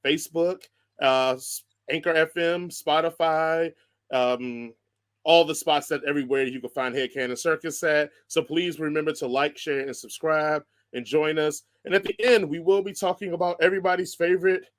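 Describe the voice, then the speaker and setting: A man's voice: on the high side, steady tone, moderate pace. A man hosting a podcast in casual chat, joking, laughing often and rambling through lists. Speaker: podcast host.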